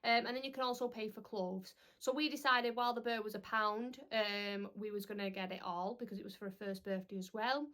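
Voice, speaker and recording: A woman's voice: medium pitch, fairly even intonation, a little fast, hardly any pauses, a bit bright. A young woman, chatting casually to camera as a parenting vlogger, rambling with lots of "um"s.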